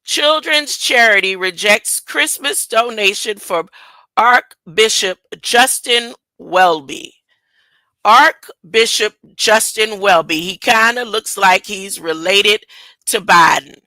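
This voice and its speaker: A woman's voice: medium pitch, pushed and bright, no room sound, rough recording. A woman rambling through casual commentary and reading a news story aloud, tripping over words and laughing at herself. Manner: slow, drawn-out delivery. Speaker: online commentator.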